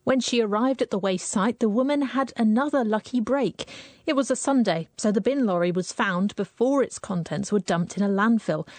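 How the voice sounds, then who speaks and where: A woman reporter narrates a news story in a clear, storytelling way. Her voice is mid-pitched and recorded close and dry in a studio. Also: darkish tone, no room sound.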